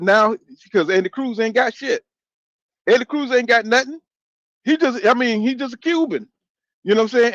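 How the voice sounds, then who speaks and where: On a lo-fi, dry recording, a fifties-aged man hosting a boxing channel reads out viewer comments in a high-pitched, fairly bright voice. His casual live-stream chat is loose and profane, and he talks back to chat.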